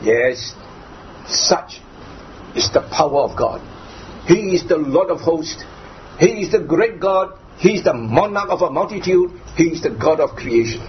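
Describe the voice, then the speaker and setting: A male preacher delivers a sermon in a fairly high voice, hammering each point through repetition and rhetorical questions. The recording is dull and lo-fi, with a faint hiss of background noise behind him. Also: expressive, a little slow.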